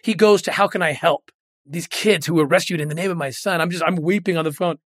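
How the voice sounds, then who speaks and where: A man's voice: a little high, fast, fairly bright tone, no echo, clean studio sound. A middle-aged man, a guest in an interview, telling a moving story earnestly and often repeating words when moved.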